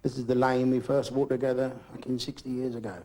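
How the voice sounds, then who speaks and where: A man's voice: medium pitch, little pitch movement, fast talker, warm tone, lightly acted. A man voicing a randy old man of eighty-nine, cheeky and coaxing. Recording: noisy live recording.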